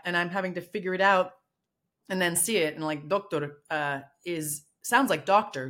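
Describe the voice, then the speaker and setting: A woman's voice: on the low side, moderate pace, fairly bright tone. A woman co-hosting a podcast, chatting in a rambling way with many restarts. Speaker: podcast co-host. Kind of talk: casual chat.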